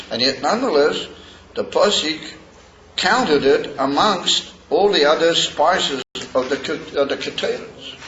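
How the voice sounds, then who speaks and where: A man teaching a Torah class in a halting way, with many pauses and fillers, reading Hebrew verses slowly. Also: mid-range voice, a bit bright, slight background noise. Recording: roomy dull lo-fi recording.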